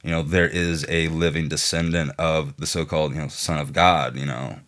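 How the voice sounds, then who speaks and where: A man's voice: rumbling low, steady tone, normal speed, a bit bright. A man with a Southern American accent chatting loosely as a podcast co-host, full of fillers like "you know" and "like". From Southern United States. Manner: rambling, filler-heavy. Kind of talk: casual chat.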